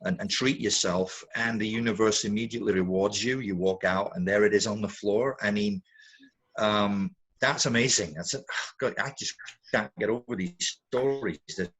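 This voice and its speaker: A man's voice: fairly low pitch, moderate pace, husky, low-quality recording. Teasing man judging a game show. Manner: teasing, animated, mock-pleading. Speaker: co-host and judge. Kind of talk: playful game show banter.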